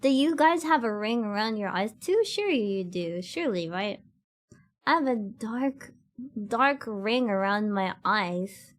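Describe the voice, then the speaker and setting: Chatting casually with her stream audience, this young cosplay streamer rambles, giggles, and fills her speech with filler words while addressing chat directly. She has an animated mid-range voice and a slightly slow delivery.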